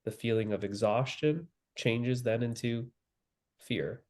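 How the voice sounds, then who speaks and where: Calm slow-spoken male spiritual teacher. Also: mid-range voice. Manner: calm, slow and repetitive, with long pauses.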